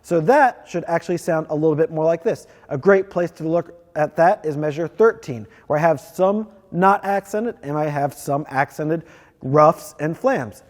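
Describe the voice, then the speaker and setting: A man's voice: fairly high pitch, normal speed. Methodical man teaching in a reverberant room. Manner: clear, methodical explaining. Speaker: percussion teacher. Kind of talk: instructional demonstration.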